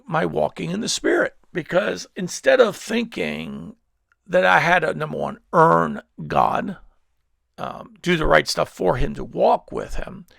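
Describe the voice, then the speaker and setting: A man's voice: fairly high pitch, vocal fry, a bit bright, no echo, clean studio sound. A male pastor preaching a sermon at a church service, telling stories in a rambling way with many restarts.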